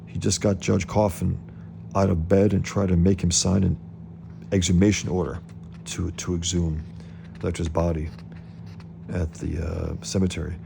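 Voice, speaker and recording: A man's voice: low voice, little pitch movement, moderate pace, gravelly, pauses often, background noise. A man reading aloud as a flustered male lawyer who stammers with worry. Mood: anxious. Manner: stammering, anxious.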